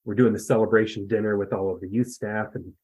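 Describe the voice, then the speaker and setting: A man's voice: lowish voice, steady tone, fast, a little mellow, slightly rough, low-quality recording. A man in his fifties from the US West Coast, a podcast guest telling a story in a rambling, self-deprecating way. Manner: rambling, self-deprecating, many fillers and restarts. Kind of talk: casual storytelling.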